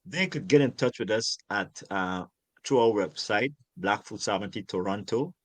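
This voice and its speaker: With a fairly low, slightly bright voice and a moderate pace, the older man from Guyana, an urban farmer, talks in a conversational interview recorded with no echo. His manner is passionate and emphatic, and he often repeats words to stress what he means.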